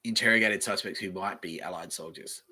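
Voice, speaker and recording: Man, Australian accent, husky, bright edge, low-ish voice, rambling solo podcast. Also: fairly quick. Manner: offhand, meandering, swears casually. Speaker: podcast host.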